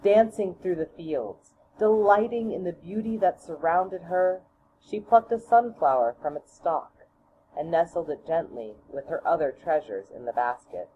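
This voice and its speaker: Slow, low-voiced woman reading a storybook. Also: animated. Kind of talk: reading a children's storybook aloud. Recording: tinny phone-like audio, faint hiss.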